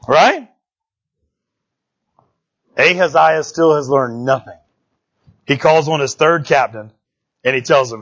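A man's voice: a little high, a bit bright. A man preaching a folksy sermon to his church, telling jokes and calling out to the congregation. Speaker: pastor. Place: church sanctuary. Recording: dull, muffled sound.

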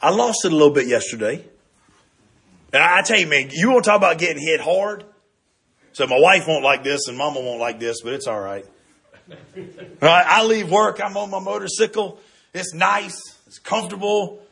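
A middle-aged man preaching with a high, bright voice. There is a husky grain to his tone. He talks to the congregation in a lively, conversational way, often asking "right?". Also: moderate pace. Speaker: pastor. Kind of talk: sermon.

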